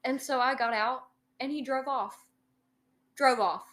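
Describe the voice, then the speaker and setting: Unhurried and a bit bright, this young woman's high voice rambles through a story as she co-hosts a podcast. The chat is casual, full of fillers, and she swears without restraint.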